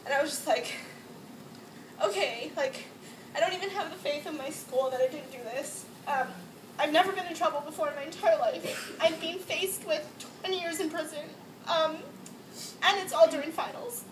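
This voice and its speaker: A woman's voice: high voice, normal speed. A young woman from Hawaii telling a personal story to a gathering in casual, emotional speech full of "like" and nervous laughter. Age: young adult. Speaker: student speaker. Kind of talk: personal testimony to a crowd. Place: echoey indoor campus space. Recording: distant mic in an echoey room with background noise.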